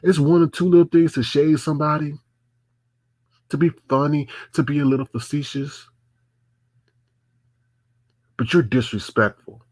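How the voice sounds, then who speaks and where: Husky man ranting angrily on a livestream. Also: fairly high pitch, steady tone, moderate pace, long pauses, darkish tone, dry recording. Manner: confrontational, repetitive, scolding. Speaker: livestream host. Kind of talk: angry livestream rant.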